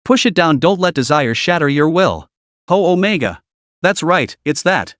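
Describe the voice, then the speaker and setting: A man's voice: fairly high pitch, very animated, normal speed, fairly bright tone, dry recording, studio quality. A man voicing a flustered young college man talking to himself and to a girl.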